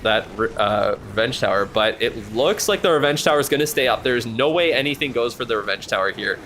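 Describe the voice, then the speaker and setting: A man streaming and commentating a match in casual live play-by-play, reacting excitably and chatting with the odd swear word. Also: medium pitch, a little fast, slight background noise.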